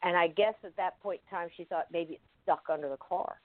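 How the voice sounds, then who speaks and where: A guest in an interview tells a first-person story in a halting, vivid way, full of restarts and fillers. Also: medium pitch, steady tone, dry recording. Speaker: guest recounting an experience. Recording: tinny phone-line sound, dry.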